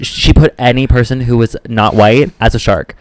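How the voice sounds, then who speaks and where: A man's voice: medium pitch, no echo, poor audio. A young man from Wisconsin co-hosting a podcast, telling stories with sass and dramatic flair in casual chat. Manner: sassy, dramatic storyteller, quick to joke. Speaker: podcast co-host.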